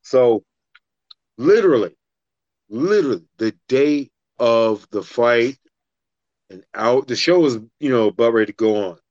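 A man's voice: mid-range voice, a little slow, long pauses, no echo, highs cut off. A man telling a fight story in a casual podcast chat, swearing freely and acting out the other people in it. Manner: profane, animated, acts out the other voices in his story.

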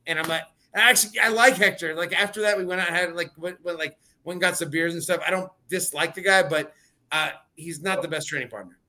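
A man chatting casually about fights, rambling with lots of fillers and restarts. His voice sits a little high and rings bright and forceful. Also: brisk. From California. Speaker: fighter and podcast guest. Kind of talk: casual chat.

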